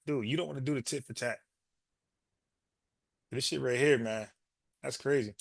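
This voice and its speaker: A man's voice: medium pitch, moderate pace, gravelly, no echo, clean studio sound. A man hosting a reaction video, talking bluntly back at a news clip in casual commentary.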